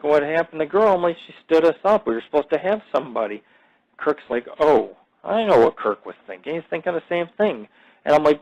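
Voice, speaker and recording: A man's voice: on the high side, darkish tone. A man hosting a podcast, telling crude stories in a boastful, profane, rambling way full of fillers. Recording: dull lo-fi audio.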